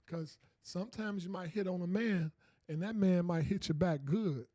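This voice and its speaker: Podcast host, male, high but mellow voice, loose repetitive chat to viewers, dry sound. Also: moderate pace, no echo. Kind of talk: casual call-in podcast chat.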